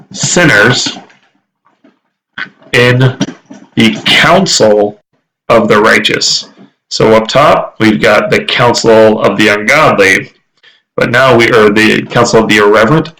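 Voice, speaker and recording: A man with a low voice and a gravelly edge to it, talking through a scripture lesson. He thinks aloud, stops often with fillers, and slows right down when he reads a phrase out word by word. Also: fairly bright tone, low-quality recording. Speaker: teacher. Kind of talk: casual Bible language lesson.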